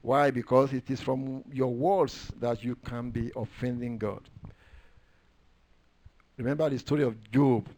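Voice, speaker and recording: A man preaching a sermon, quoting and reading scripture, moving between hushed low asides and loud raised declarations and drawing out words for stress. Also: fairly even intonation, a little slow, pauses often, slight background noise.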